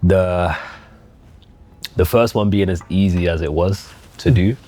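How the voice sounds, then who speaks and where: A man's voice: deep voice, mellow. A man, speaking earnestly and reflectively about being a father in a casual chat. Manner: reflective, earnest, quick agreeing backchannels. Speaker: actor, podcast guest, father.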